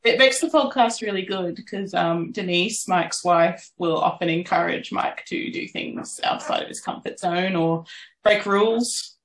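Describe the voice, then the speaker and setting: A woman's voice: fairly low pitch, a little slow. A woman interviewer putting upbeat questions to a guest in a casual chat. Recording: echoey, from off-mic.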